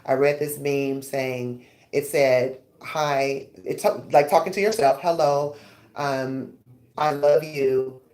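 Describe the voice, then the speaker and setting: A woman hosting a radio show, chatting casually and telling stories with animated rises when excited. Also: slow pace. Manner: animated storyteller, rising pitch when excited. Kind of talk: casual interview chat.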